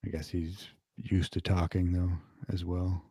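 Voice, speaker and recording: Male podcast host, low and mellow, dry close sound, casual teaser read. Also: flat delivery, a little slow, husky, no room sound. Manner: self-critical, redoes his intro read. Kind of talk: reading a show teaser, then casual chat.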